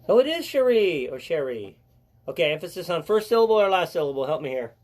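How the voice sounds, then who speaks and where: A man's voice: high-pitched, big pitch swings, racing. An older man hosting a casual live educational stream, chatty and joking as he greets viewers by name.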